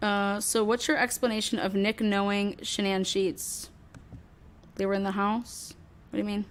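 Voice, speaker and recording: A woman's voice: medium pitch, little pitch movement, moderate pace. Swearing, rambling woman true crime host. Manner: rambling, swearing, acts out others' voices. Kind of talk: casual theorizing talk.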